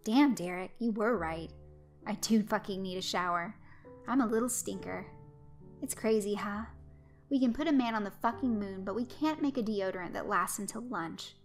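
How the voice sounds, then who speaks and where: A woman's voice: medium pitch, normal speed, faint music behind, close to an everyday voice. A woman voicing a crude, cocky young killer. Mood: teasing. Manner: teasing, foul-mouthed, cocky.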